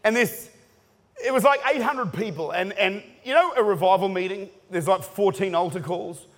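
A man preaching a sermon, telling stories with jokes and sudden shouts. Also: sits high, normal speed. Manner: animated, joking storytelling with bursts of shouting. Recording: hall reverb.

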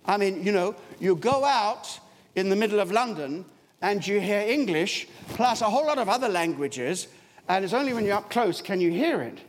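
A man's voice: high voice, expressive, moderate pace. A man preaching a sermon in a church, emphatic and storytelling, with wide swings in his voice. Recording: long hall reverb, faint background noise.

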